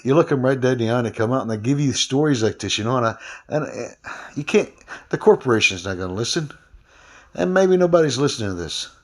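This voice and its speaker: A man's voice: medium pitch, expressive, fast. Rambling man ranting to camera. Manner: rambling, frequent fillers and restarts; aggrieved. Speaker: former delivery driver. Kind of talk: casual vlog rant.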